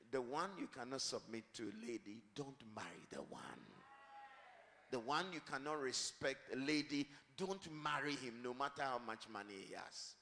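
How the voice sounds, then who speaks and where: A male pastor preaching a sermon and leading the congregation in call-and-response, building up to shouted declarations. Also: mid-range voice, lively intonation, moderate pace. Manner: leads the congregation in repeating lines. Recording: long reverb of a large hall.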